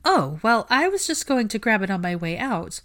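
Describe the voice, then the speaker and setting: A woman's voice: mid-range voice, sing-song, moderate pace, fairly bright tone, pitched above the performer's own voice. A woman voicing a bookish teenage witch girl who sounds flustered and a bit huffy, in a storybook reading.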